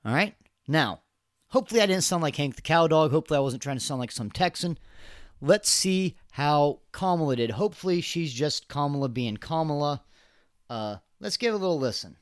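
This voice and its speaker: A man's voice: on the high side, animated, fairly quick, clear, resonant tone, dry recording, clean studio sound. A man in his thirties hosting a podcast, giving rambling, sarcastic political commentary with laughs and restarts. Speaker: podcast host.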